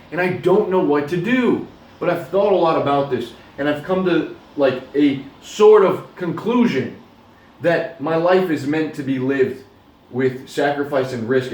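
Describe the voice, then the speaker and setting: A man's voice: medium pitch, a little mellow. A young man delivering an earnest motivational monologue to his viewers, exhorting them in a casual way with some swearing. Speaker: motivational vlogger. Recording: roomy, distant from mic.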